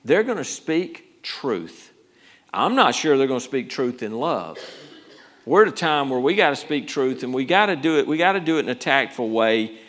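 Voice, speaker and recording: A man's voice: medium pitch, very animated, moderate pace, a bit bright. A male pastor preaching a conversational sermon, rambling through restarts and rising to urgent emphasis.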